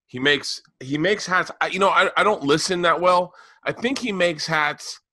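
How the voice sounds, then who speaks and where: A man's voice: on the high side, moderate pace, bright, forceful tone, dry recording. A man co-hosting a podcast, telling rambling, profane comedic stories in casual chat. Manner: rambling storyteller, acts out exchanges. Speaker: podcast co-host.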